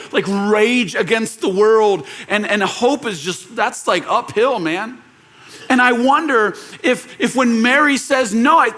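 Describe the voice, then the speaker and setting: Pastor giving an Easter sermon, high voice, dips hushed then lifts animated; storyteller. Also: male voice. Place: church auditorium.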